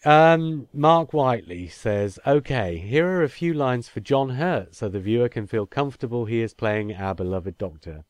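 A man's voice: mid-range voice, expressive, normal speed, few pauses, no echo. A man, co-hosting a casual podcast chat and reading listener emails aloud. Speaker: podcast co-host.

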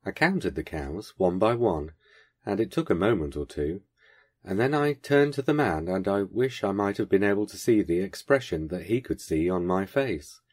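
A man with a deep voice and a husky, slightly rough edge reads a first-person story aloud. His delivery is measured and lightly wry. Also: lively intonation. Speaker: podcast host reading a story.

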